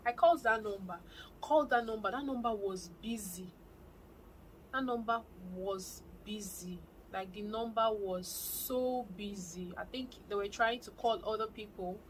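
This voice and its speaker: Young Nigerian woman vlogger, chatty and excitable, mid-pitched, faint hiss behind. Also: a little slow, poor audio. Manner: animated, excitable storyteller. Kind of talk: casual storytelling to camera.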